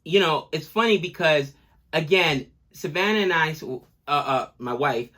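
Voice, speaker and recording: A young adult man co-hosting a casual reaction chat, excitable and joking, swinging from loud outbursts to quiet asides. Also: a little high, unhurried. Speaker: co-host of a reaction channel.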